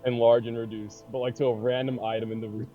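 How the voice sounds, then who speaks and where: A man's voice: medium pitch, flat delivery, quick pace. A man playing in a casual tabletop game with friends, who stammers and repeats his words. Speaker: player. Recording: dull lo-fi audio with faint music.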